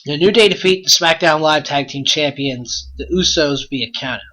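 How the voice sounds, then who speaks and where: Bright-voiced man ranting on a podcast. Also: on the high side, normal speed. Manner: exasperated, blunt, rhetorical questions. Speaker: podcast host. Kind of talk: ranting wrestling commentary podcast.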